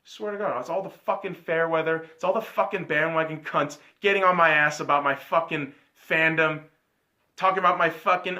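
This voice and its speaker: Podcast host, late 20s, man, high bright voice, profane yelling sports rant. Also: steady tone, brisk. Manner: swears constantly, ranting and yelling.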